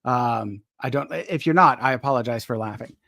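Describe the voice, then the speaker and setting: A man's voice: mid-range voice, moderate pace, bright, forceful tone, dry recording, studio quality. A man hosting a casual live chat, polite and hesitant, restarting his sentences often. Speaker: host.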